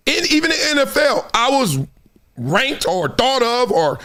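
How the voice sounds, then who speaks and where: Man, middle-aged, sports commentary host, high voice, lively swooping delivery. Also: moderate pace. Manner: animated, acts out quotes in other voices, laughs often. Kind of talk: animated solo sports commentary.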